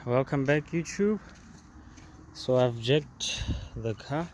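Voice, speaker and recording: Slow-talking man showing a car repair. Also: mid-range voice, steady tone, a little hiss or hum. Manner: slow, halting, repeats words while explaining. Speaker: car repair video host. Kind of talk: casual how-to demonstration.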